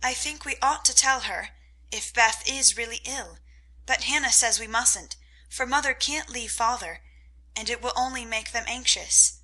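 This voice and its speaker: A woman's voice: on the high side, normal speed, bright, forceful tone, low-quality recording. A woman voicing a worried, proper eldest teenage sister in a storybook reading.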